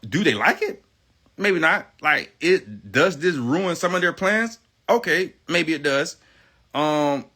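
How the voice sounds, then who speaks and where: Forceful, emphatic man ranting on livestream. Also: medium pitch, slightly rough. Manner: emphatic and profane, repeats phrases for stress; defiant, self-assured. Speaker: livestream guest. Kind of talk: heated livestream rant.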